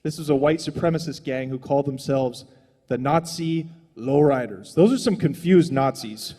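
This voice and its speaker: A man's voice: medium pitch, moderate pace, warm tone, big-room sound. A young adult man doing a stand-up comedy set on a small stage, rambling and profane in a loose, conversational way.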